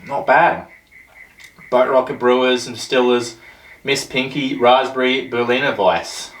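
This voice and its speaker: A man's voice: mid-range voice, fairly even intonation, measured pace, fairly bright tone, distant mic. A man hosting a casual beer tasting show, chatting in a rambling, jokey way. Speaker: host of a beer review show. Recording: roomy echo, voice off-mic.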